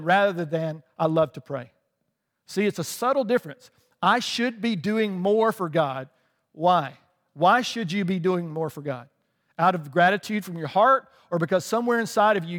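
A man's voice: sits high, long reverb tail. A male pastor preaching a sermon in a conversational way, often checking in with the listeners and laughing lightly.

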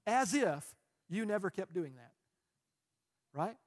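High-voiced pastor preaching. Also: male voice, sing-song. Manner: earnest, builds to fast passionate bursts. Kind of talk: sermon.

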